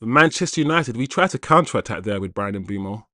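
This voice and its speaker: A man hosting a live football watchalong, reacting to the play and shouting out viewers. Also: on the low side, animated, fairly quick, dry recording. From Jamaican heritage. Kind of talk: live match commentary and chat.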